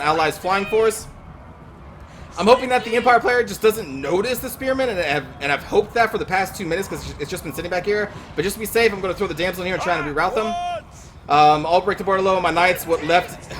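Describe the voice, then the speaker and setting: A man with a high voice talks through his own strategy game match at a rapid clip. He stays casual and excitable, cursing when a move fails. Battle sounds from the game are plainly heard under his voice. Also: noisy background. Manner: quick, excitable, swears in frustration. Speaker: gaming YouTuber commentating his own match. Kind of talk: casual gameplay commentary.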